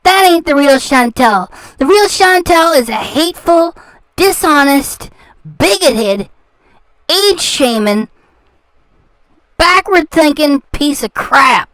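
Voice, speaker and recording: A woman's voice: high voice, expressive, takes it slowly, a bit bright, no echo. A woman hosting a reaction channel, ranting in a sarcastic, taunting way and repeating words for scorn. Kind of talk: ranting commentary.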